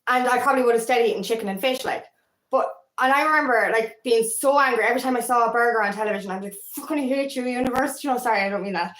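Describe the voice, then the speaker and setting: A woman with an Irish accent talks straight to camera in a casual, rambling vlog, candid and quick to swear. Her voice sits a little high, and the room around her gives a noticeable echo. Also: fairly bright tone. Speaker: feminine empowerment coach.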